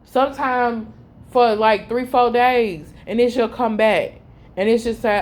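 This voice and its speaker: A young woman, telling a heartfelt personal story in a repetitive way that often trails off low and quiet. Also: fairly even intonation, a little slow. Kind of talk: emotional personal testimony.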